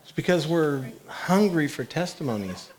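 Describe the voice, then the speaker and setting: A man's voice: on the high side, expressive, moderate pace, a little mellow. A man leading a congregation in prayer, directing people and calling out encouragement. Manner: direct, encouraging, calls out to the room. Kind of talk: leading a church prayer time. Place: church service before a congregation.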